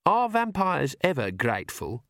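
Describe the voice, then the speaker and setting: A sharp-tongued young witch from a storybook, suspicious and quick to bristle, as a male narrator puts her on. The voice is lifted above his usual register and sounds close and dry. Her lines come out clipped and indignant. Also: fairly high pitch, huge pitch swings, no echo, pitched above the performer's own voice, heavily acted. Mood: wary, indignant.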